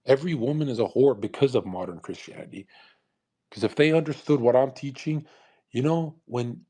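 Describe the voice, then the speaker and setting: On a live online voice call, a young adult man delivers a provocative, crude, preachy monologue. He has a medium-pitched, warm voice.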